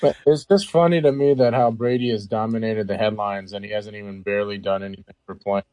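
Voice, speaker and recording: A man co-hosting a casual sports chat, speaking in a calm, matter-of-fact way. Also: on the low side, a little fast, dry recording.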